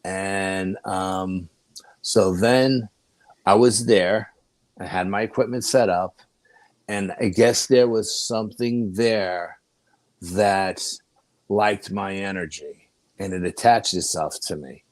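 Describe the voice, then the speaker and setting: New York man, guest storyteller, lowish voice, dry close sound, rambling and animated. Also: takes it slowly, no room sound. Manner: rambling, animated anecdotes with restarts. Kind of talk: casual storytelling.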